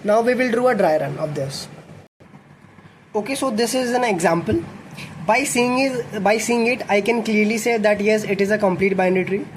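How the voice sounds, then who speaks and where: Explaining his code as he writes it, a young man teaches a coding lesson, reasoning out loud and fixing his own mistakes. His voice is high and his pace normal, with faint noise in the background.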